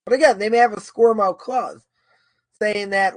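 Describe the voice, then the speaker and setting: High-voiced man lecturing informally. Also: fairly even intonation, normal speed, no echo. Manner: thinking aloud, argues both sides, many repetitions and "right?". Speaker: Torah course teacher. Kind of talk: informal lecture answering a question.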